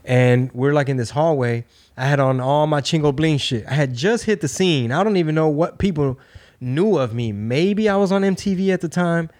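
Laid-back cussing man telling stories. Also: normal speed. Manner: laid-back, swearing storyteller; acts out quotes with lively pitch jumps. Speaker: podcast host. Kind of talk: casual chat.

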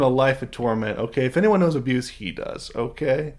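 A man's voice: medium pitch, animated, brisk, darkish tone. A man co-hosting a casual podcast chat, laid-back and teasing, laughing a lot. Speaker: podcast co-host.

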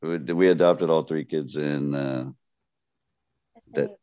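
A man with a Texan accent, a comedian guest telling stories at a slow, steady, laid-back pace. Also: smooth, no echo, dull audio. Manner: slow-paced, deep, laid-back drawl.

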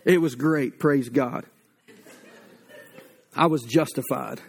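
A man's voice: mid-range voice, slow pace, gravelly. A man preaching a blunt, conversational sermon with humor, likely in his thirties, acting out quoted voices along the way. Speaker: pastor.

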